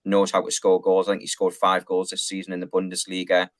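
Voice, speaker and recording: A man's voice: low voice, monotone, quick pace. A man, a guest pundit, giving casual, rambling football opinions with plenty of fillers.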